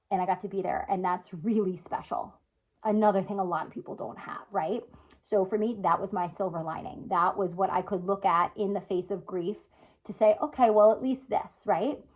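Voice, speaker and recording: A woman in her thirties talking earnestly and casually to camera at home, often checking in with "right?" and "you know". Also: fairly low pitch. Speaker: vlogger. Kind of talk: casual heartfelt talk to camera. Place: at home indoors by a window.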